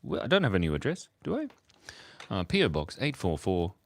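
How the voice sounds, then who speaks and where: A man's voice: sits low, huge pitch swings, brisk. A sleepy man, hosting a casual live stream and rambling, giggling and joking with chat as he draws. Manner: rambling, giggly, self-mocking, talks while drawing. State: sleepy, early morning. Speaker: livestream host drawing for chat.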